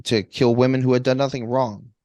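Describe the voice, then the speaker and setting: A man co-hosting a podcast, presenting a case in casual chat, halting with fillers and restarts. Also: medium pitch, steady tone, a little mellow, no room sound.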